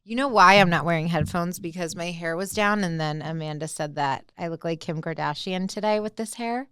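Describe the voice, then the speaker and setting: A woman's voice: fairly low pitch, a little fast, fairly bright tone, clean tone, no echo, studio quality. A woman co-hosting a podcast, chatting casually in a playful, gushing way with her friend. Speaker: podcast co-host. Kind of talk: casual chat.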